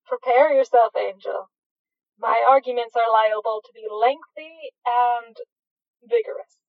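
A woman's voice: a little high, a little slow, gravelly. Crowley, a woman reading a drawling, sardonic demon man. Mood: teasing. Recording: dull, dry, lo-fi.

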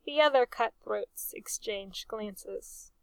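A woman narrating a storybook aloud with an amused, expressive reading. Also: on the high side, slow, gravelly, smooth, dry recording.

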